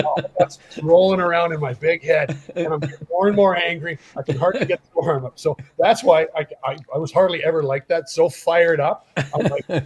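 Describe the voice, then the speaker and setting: Man, lively anecdote teller. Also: a little high, a little fast, few pauses, poor audio. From Canada. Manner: animated storyteller who acts out quoted lines. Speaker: guest, former hockey player. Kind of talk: casual storytelling interview.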